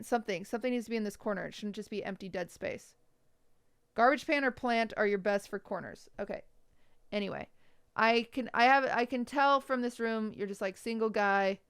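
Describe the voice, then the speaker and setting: A woman with a medium-pitched, gravelly yet clear and resonant voice. She's a streamer giving blunt, teasing, nitpicky critiques of viewers' bedrooms in casual livestream chat.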